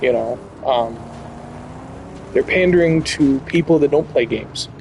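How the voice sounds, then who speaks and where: A man's voice: mid-range voice, measured pace, noisy background. A man hosting a gaming channel, delivering blunt, profane, heated commentary over gameplay.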